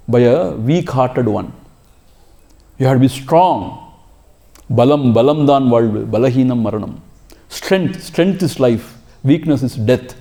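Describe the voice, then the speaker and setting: A man's voice: medium pitch, mellow. A man with an Indian English accent who gives an emphatic spiritual lecture as a swami, exhorting listeners and asking rhetorical questions. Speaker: swami teaching scripture.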